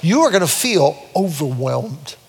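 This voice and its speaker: An older man delivers a sermon with a high, bright voice that climbs even higher as he grows fervent. His preaching rings out under the long reverb of a large church hall. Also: a little slow, gravelly, husky. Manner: storytelling, rising to fervent high-pitched preaching. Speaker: pastor.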